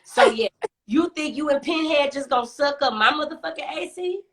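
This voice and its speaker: A young woman telling a story casually on a phone live stream, animated and sassy, cursing heavily and hammering points with repetition. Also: sits high, moderate pace. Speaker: storyteller host.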